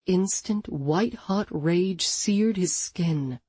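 Give me a woman narrating an audiobook with a dark, mellow tone, expressive and dramatic. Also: fairly low pitch, normal speed, slightly rough, no room sound. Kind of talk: scripted narration.

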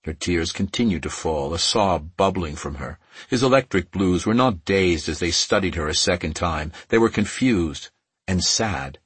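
A man narrating an audiobook in a measured, softly emotive reading. His voice sits very low and sounds husky. The recording is dry and close. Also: expressive, dry recording.

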